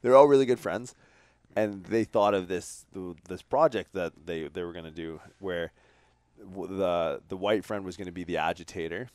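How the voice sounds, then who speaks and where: A man's voice: deep voice, normal speed, clear, resonant tone, no echo. A man, hosting a podcast and telling rambling, profane stories in casual chat. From Canada. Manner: profane, rambling, energetic storytelling. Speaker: podcast host.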